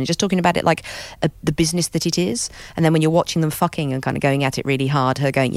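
A middle-aged British woman talks very fast in a candid interview, blunt and unafraid to swear. She fills her rushing sentences with "you know" and "like." Her voice sounds dry and close to the mic. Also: deep voice, dry recording. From Britain. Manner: blunt, rapid and swearing freely, with many "you know" fillers. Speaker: author and guest.

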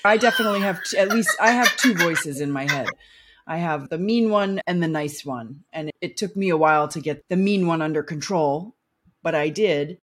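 A woman's voice: on the low side, normal speed, slight background noise. A woman hosting an interview, affirming her guest as she talks. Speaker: podcast host. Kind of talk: interview chat.

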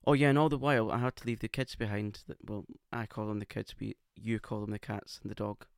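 A man's voice: on the low side, flat delivery, fast talker, gravelly, clean tone, no echo, studio quality. A man co-hosting a casual podcast, camp and playfully teasing. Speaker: podcast co-host. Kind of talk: casual chat. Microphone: podcast microphone.

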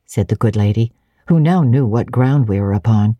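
A woman giving a dramatic reading of a classic novel, narrating in the first person in a measured way. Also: extremely low pitch, expressive, dark tone, breathy edge, no echo, studio quality. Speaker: reader.

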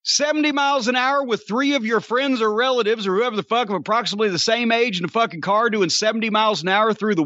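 An older man rants on a podcast in a high, bright voice, swearing freely and sarcastic throughout. The sound is dry and a little dull, close and without room echo. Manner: profane, ranting, sarcastic storyteller. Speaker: podcast host. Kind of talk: casual podcast rant.

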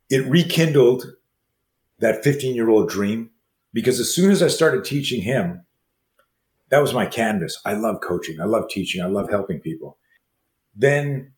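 A man in his sixties who teaches martial arts, telling stories as an interview guest and acting out the dialogue in quick, animated bursts. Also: lowish voice. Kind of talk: storytelling in a conversation. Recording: roomy echo.

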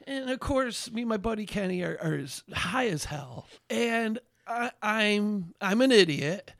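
A man, a songwriter and bandleader, chatting casually as a podcast guest, telling stories in an animated, rambling way with lots of fillers and restarts. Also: high voice, unhurried, vocal fry, heavy background noise. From Albany, New York area. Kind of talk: casual chat, storytelling.

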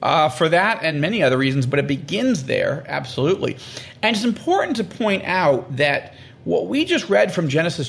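Man, animated and emphatic, high lively voice with gravelly fry, explaining scripture in conversation. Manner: animated, acts out quoted prayers and God's words; emphatic, repeats phrases for stress. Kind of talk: conversational interview.

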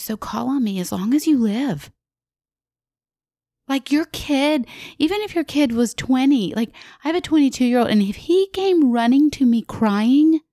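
A woman's voice: medium pitch, a little mellow, dry recording, studio quality. A woman in her forties gives heartfelt faith teaching as a podcast guest, earnest and intimate, asking the listener questions and sometimes dropping to a whisper. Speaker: guest speaker on a Christian parenting podcast.

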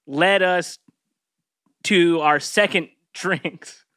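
A man's voice: high-pitched, extremely slow, a bit bright, smooth, no echo, clean studio sound. A man guesting on a podcast, chatting casually and laughing often. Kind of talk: casual chat.

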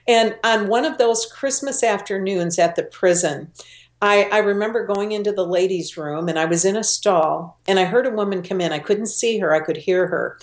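An older woman telling personal faith stories as a guest in an interview, earnest and emotional, slowing down for emphasis. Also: mid-range voice. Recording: roomy echo.

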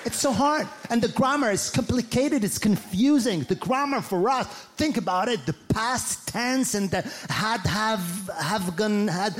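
A French-accented man performs stand-up on a big theater stage. His voice sits high and he acts out his own stumbles with lively mimicry. The live recording carries a clear hum of room and audience noise. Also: moderate pace, few pauses, some chatter behind. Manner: animated, mimics voices and mispronunciations. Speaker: stand-up comedian. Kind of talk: stand-up comedy.

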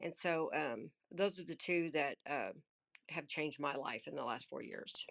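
Hesitant low-voiced woman in her sixties. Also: a little slow, vocal fry, a bit bright. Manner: hesitant, many fillers. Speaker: audience speaker. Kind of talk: casual sharing.

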